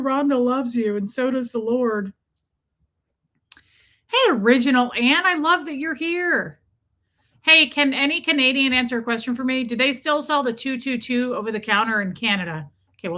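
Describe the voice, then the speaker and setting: Woman livestream host, casual chat, greets viewers by name, affectionate, fairly high voice. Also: pushed and bright.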